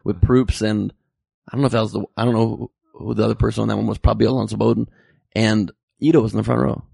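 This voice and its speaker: Rambling jokey host guy, gravelly husky voice, dry mic. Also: on the low side, level tone, darkish tone, dry recording. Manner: rambling, joking, quick tangents. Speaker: podcast host. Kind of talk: casual comedic chat.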